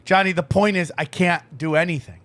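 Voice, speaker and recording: A man's voice: sits high, a little fast. A man hosting a podcast in casual comedic chat, telling rambling, profane stories. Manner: animated storytelling with put-on voices. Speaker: podcast host.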